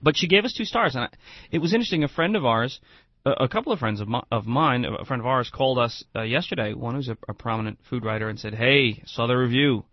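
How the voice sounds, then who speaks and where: Chatty, animated radio co-host. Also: male voice, medium pitch, quick pace, dry recording, highs cut off. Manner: animated, chatty, lots of restarts. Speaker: radio show co-host, restaurant owner. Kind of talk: casual radio talk.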